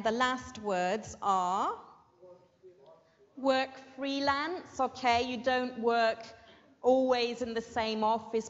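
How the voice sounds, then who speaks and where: A woman teaching an English vocabulary and pronunciation lesson, slowly stressing syllables and checking in with "okay?". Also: on the high side. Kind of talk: classroom language lesson. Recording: muffled with long hall reverb.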